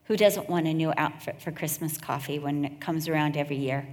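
A woman's voice: sits low, fairly even intonation. Earnest middle-aged woman preaching. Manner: earnest, storytelling, drawn-out emphasis. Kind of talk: sermon. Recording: echoey hall.

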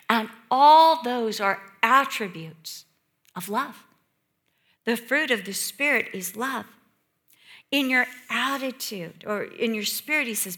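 A middle-aged woman preaching a sermon with passion, dropping to hushed whispers and rising to loud exclamations. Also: fairly high pitch, breathy edge.

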